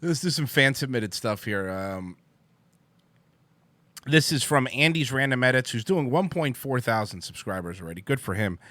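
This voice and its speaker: A man's voice: mid-range voice, lively intonation, normal speed, bright, forceful tone, no room sound. A man hosting a casual reaction stream, laughing and swearing as he reacts to fan-made clips. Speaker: streamer host.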